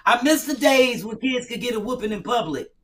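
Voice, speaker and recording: A comedienne hosts a podcast full of brash, profane jokes, acting out scolding mothers in lively voices during casual comedic chat. Her voice is a little high and fairly quick, picked up by a distant mic with faint noise.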